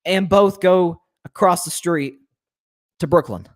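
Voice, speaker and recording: A man's voice: sits high, takes it slowly. A young man hosting a sports commentary show, ranting with indignation and lots of restarts.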